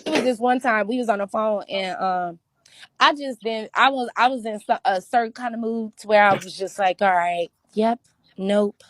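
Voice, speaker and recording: A woman's voice: on the high side, a little fast, no echo. A woman from New Orleans telling stories in casual chat, acting out the voices of the people she quotes. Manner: animated storytelling, acts out quoted voices. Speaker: guest.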